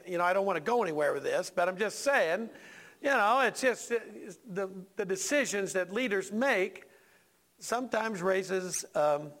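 A male pastor preaching a sermon in a church, folksy and animated, talking to the congregation with asides and questions. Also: high voice.

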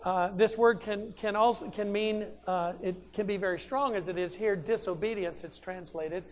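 A man's voice: high-pitched, steady tone, moderate pace, slight background noise. A man preaching a sermon, emphatic and conversational, who asks questions and answers them himself.

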